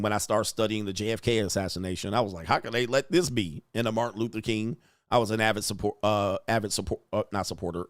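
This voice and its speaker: A middle-aged man hosting a livestream, ranting in a profane, animated way with slang and frequent laughs. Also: fairly low pitch, no room sound, clean studio sound. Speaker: livestream host answering superchats. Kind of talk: casual livestream rant.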